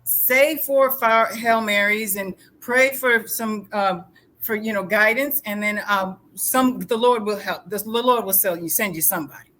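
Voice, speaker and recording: A woman voicing a calm male priest who gives gently dismissive advice. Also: high voice, a little slow, rough recording.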